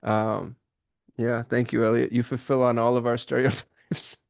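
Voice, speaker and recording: A man hosting a live call-in business show, talking in an excitable, rambling way with many restarts over a video call. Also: mid-range voice, moderate pace, vocal fry, smooth. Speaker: host. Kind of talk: casual live show chat.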